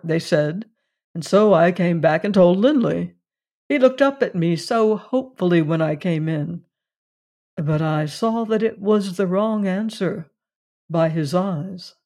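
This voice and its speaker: An audiobook reader tells a classic short story in the first person, with a voice of middling pitch. The reading is measured and unhurried and slips into a chatty, confiding turn now and then. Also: a little mellow.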